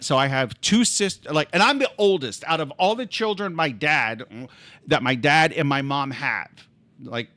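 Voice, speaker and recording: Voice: mid-range voice, a bit bright. A livestreamer telling a rambling, heated story in casual chat, swearing freely and talking over their own restarts.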